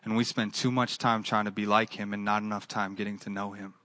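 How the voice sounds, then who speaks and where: A man's voice: lowish voice, level tone, fairly quick, pushed and bright, no echo. A man preaching a sermon with an earnest, repetitive cadence, then leading a closing prayer. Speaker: pastor.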